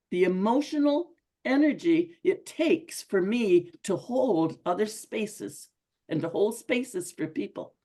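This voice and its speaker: A woman's voice: mid-range voice, darkish tone, slightly rough. A middle-aged woman giving an earnest, conversational motivational talk to a group, often repeating herself for emphasis. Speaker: speaker at a women's club.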